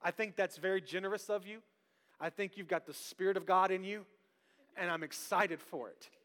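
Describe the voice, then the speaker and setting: A man's voice: high-pitched, moderate pace, a bit bright, in a large hall, pitched below the performer's own voice. A man voicing the apostle Peter as a polite but stubborn adult man who won't share, inside a sermon. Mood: smug.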